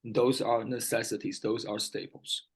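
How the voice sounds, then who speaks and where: On a rough recording, a man with a somewhat low, husky voice talks at normal speed in a level tone. He's giving a one-on-one English vocabulary lesson, patiently repeating key words and regularly making sure his student follows.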